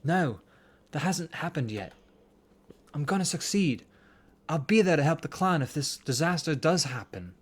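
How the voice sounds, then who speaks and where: A man's voice: fairly high pitch, very animated, normal speed, long pauses, breathy edge, pitched above the performer's own voice. A man hamming up a stubborn young hero in mock British. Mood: determined. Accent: mock British, inconsistent. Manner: raised, insistent, hammy. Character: young male shaman apprentice, earnest and stubborn.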